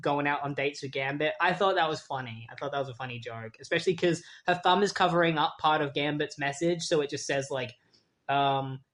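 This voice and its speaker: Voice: medium pitch, normal speed, fairly bright tone. Casting note: a casual comic reviewer who rambles with fillers and wry asides, in a mid-range voice. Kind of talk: casual comic book recap.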